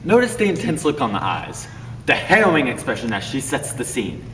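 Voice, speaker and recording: A young man performing a scripted comedic duet, explaining stage tricks in a deadpan, instructional way. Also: medium pitch, fairly quick. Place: classroom. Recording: echoey room, distant mic, faint noise.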